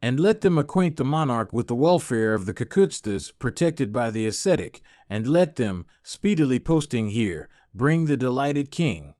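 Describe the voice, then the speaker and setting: A man's voice: mid-range voice, big pitch swings, moderate pace, few pauses, darkish tone, no room sound, clean studio sound, close to an everyday voice. A man voicing a courtly, grateful king in formal, archaic speech within an audiobook. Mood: courteous.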